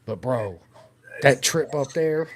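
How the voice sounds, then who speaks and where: A man's voice: mid-range voice, animated, takes it slowly, slight background noise. A man telling a story on a podcast, swearing freely and tagging his sentences with "right?" and "bro". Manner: profane, punctuates with "right?" and "bro". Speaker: race team member guest.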